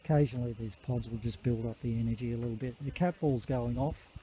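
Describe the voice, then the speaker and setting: Mellow-voiced man investigating graves. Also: medium pitch, fairly even intonation, fast, low-quality recording. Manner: matter-of-fact, explaining equipment readings. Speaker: paranormal investigator. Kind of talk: casual on-site commentary. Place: outdoor country cemetery.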